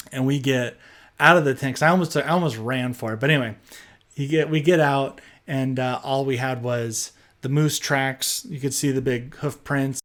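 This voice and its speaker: A young man narrating a personal storytime tale in a chatty, animated way, full of fillers. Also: mid-range voice.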